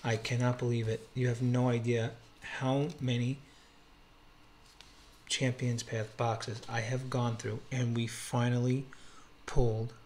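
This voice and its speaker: A man's voice: mid-range voice, darkish tone, slight background noise. A man opening trading card packs at home for his channel, calling out each card and exclaiming over a rare pull. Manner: thrilled, exclamatory, calls out cards. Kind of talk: excited pack-opening vlog. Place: home, quiet room.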